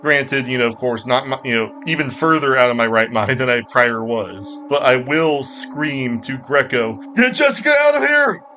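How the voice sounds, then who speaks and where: Bright-voiced man, tabletop player. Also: mid-range voice, moderate pace, hardly any pauses, a little hiss or hum. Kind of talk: casual tabletop game chat.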